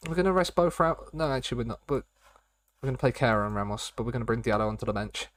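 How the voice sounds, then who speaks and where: A young Englishman talks casually through his live stream, rambling between thoughts and repeating pet phrases. His voice sits at an ordinary middle pitch. It is recorded close on a desk mic with no room sound. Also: steady tone, racing, no room sound. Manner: chatty, rambling, repeats catchphrases.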